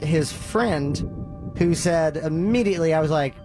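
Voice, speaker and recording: A man hosting a podcast, casually retelling a story with lively acted-out quotes and loose fillers. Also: a little high, moderate pace, music in the background. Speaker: podcast host.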